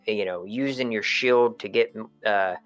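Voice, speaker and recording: A man co-hosting a live stream in casual chat, thoughtful and hesitant, pausing with frequent ums. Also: on the low side, a bit bright, clear, resonant tone, faint music behind. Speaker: co-host.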